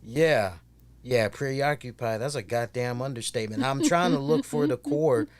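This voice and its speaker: A man co-hosting a podcast who tells stories in a casual, animated way and swears constantly. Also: mid-range voice, moderate pace. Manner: heavy swearing, animated storytelling. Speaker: podcast co-host. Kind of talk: casual chat.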